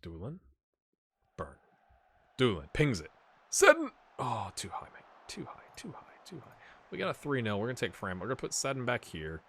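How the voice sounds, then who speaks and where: A man hosting a gaming channel, talking through a football management game in casual let's-play commentary, slangy and joking, cheering players on with loud outbursts. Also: mid-range voice, moderate pace, long pauses, husky. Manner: excitable, talks to players in the game, loud outbursts when goals come; slangy and joking, trails off into mumbles.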